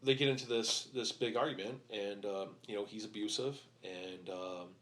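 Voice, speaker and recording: Halting, blunt middle-aged man, low voice. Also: steady tone, fairly bright tone. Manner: halting, with many fillers and restarts; blunt and profane. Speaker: podcast guest. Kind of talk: candid interview talk.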